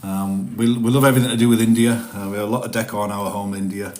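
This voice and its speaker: A man's voice: fairly low pitch, fairly even intonation, racing, a little mellow, roomy sound. A man chatting casually on a live stream from his home, rambling and self-deprecating.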